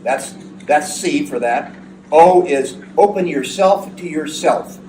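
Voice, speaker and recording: A man's voice: fairly high pitch, slow, a little mellow. Older male therapist giving an emphatic talk; distant mic, room noise underneath. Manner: earnest, emphatic, repeats words. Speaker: psychotherapist. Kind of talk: speech to an audience. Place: hall at a veterans' event. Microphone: far from the mic. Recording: echoey room from far off with audience noise.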